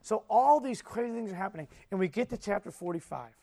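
A man delivering a sermon in a notably high voice. He tells the story with animated energy, drops to a hush and then bursts out loud, and keeps asking his listeners questions. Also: fast. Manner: swings between soft and loud. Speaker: preacher.

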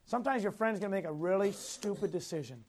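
With a high, animated voice and a quick pace, this man teaches Sunday school as a youth Bible teacher. He goes over key points more than once, asks the class questions, and laughs frequently as he tells stories from his own life.

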